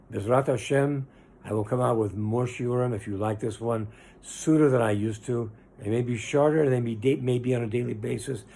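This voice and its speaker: With a little hiss or hum in the recording, a rabbi with a fairly low, creaky, mellow voice delivers an earnest, informal Torah lesson. He talks conversationally and lingers on the words he emphasizes.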